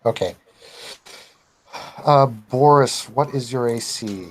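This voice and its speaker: A man narrating as game master of a tabletop role-playing game, in a relaxed, chuckling way. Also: medium pitch, slow pace, slight background noise, rough recording.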